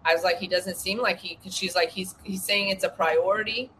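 A woman's voice: on the low side, steady tone, a little fast, fairly bright tone, poor audio. Brief: forties woman, swearing podcast co-host on a rant, slight background hiss. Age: 40s. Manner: profane, indignant ranting. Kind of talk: casual storytelling chat.

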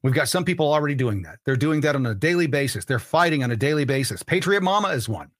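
Brief: male podcast host, emphatic and preachy, bright and forceful tone, a bit high, dry close sound. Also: animated, quick pace, no echo. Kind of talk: political commentary monologue.

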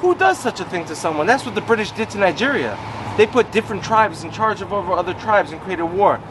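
High-voiced man. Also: fast, background noise. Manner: animated, acts out quoted voices. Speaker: rabbi guest on a podcast. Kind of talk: casual storytelling conversation. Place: outdoors on a city stoop.

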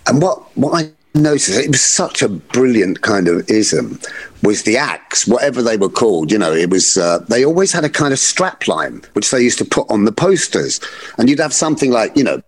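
A man, an actor guest, telling relaxed anecdotes in casual podcast chat. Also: mid-range voice, moderate pace, husky. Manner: relaxed, agreeable raconteur with many yeahs. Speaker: guest, actor and festival organiser.

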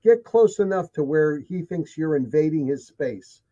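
Animated and fairly high-pitched with a dark tone, a guest describes his encounters at normal speed in casual talk. He hammers points home through emphasis and repetition, and the audio is dull and lo-fi.

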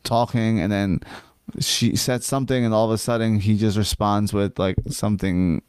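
A man with a fairly low voice chats about reality TV gossip, animated, laughing often and slipping into high mimicking voices. The sound is close and dry with no room around it. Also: moderate pace, clear, resonant tone, no room sound. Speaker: podcast co-host. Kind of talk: casual gossip chat.

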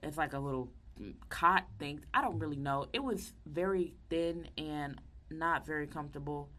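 A young woman casually telling a personal story, animated and acting out the people she quotes. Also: low-pitched, moderate pace. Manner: animated, acts out quoted voices.

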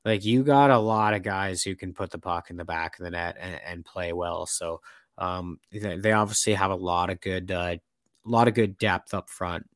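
A man's voice: low-pitched, moderate pace, dry recording, studio quality. A young man co-hosting a casual sports chat, rambling with lots of fillers and restarts.

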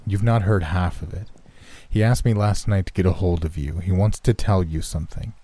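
A man's voice: sits low, moderate pace, mellow. A man reading the part of a troubled doctor who pleads earnestly with his friend.

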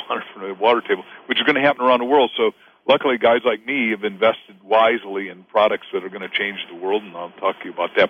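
Rambling male author on lo-fi audio. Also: slight background noise. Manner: rambling, repeats words, pitches his offers. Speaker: author and guest. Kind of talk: motivational interview talk.

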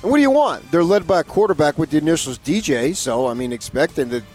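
A man's voice: on the high side, expressive, fast talker, a little mellow, soft background music. A man co-hosting a morning sports radio show, telling boastful jokes and stories. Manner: joking, boastful, storytelling.

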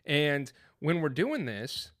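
Guy on a podcast, bright edgy voice, dry close sound, rambling and hyped, tripping over his words. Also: a little high, slow, no room sound. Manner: excited, rambling, with many restarts and fillers. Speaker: podcast co-host. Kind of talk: animated storytelling in casual chat.

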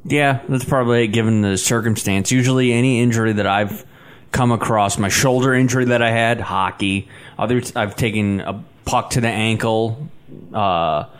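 A man's voice: fairly low pitch, moderate pace, clean tone. A man co-hosting a podcast, answering in a casual chat with a dry, teasing manner. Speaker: podcast co-host.

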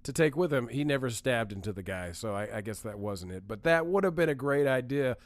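Brief: male podcast co-host, mid pitch, eager and upbeat, dry close mic. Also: expressive, fairly quick, dry recording. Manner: enthusiastic, laughs easily. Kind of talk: casual chat.

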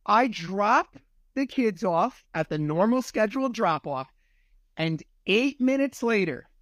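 A man's voice: high-pitched, expressive, slow pace, a bit bright, no echo, clean studio sound. A man hosting a podcast, steering the talk in a direct, conversational way. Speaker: podcast host. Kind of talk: conversational interview.

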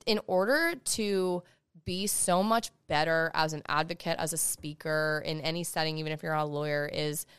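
Fast-talking low-voiced young woman. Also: smooth, no echo, studio quality. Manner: fast-talking, emphatic, advice-giving. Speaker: podcast guest, law student. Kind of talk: casual podcast conversation.

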